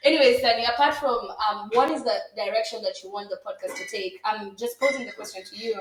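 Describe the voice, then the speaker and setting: A playful woman co-hosts a casual livestream, teasing her partner and calling out to viewers in English and Swahili. Her voice is on the higher side, and it rings in an echoey room. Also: fairly quick, crowd noise. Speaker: podcast co-host. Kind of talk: casual livestream podcast chat.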